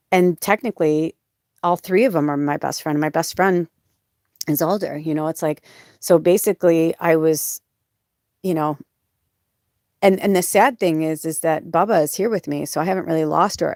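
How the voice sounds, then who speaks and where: A woman's voice: low-pitched, creaky, darkish tone, dry recording, studio quality. A woman podcast host talking in a rambling, emotional way, full of fillers and restarts, in a casual personal monologue. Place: off-grid home or van.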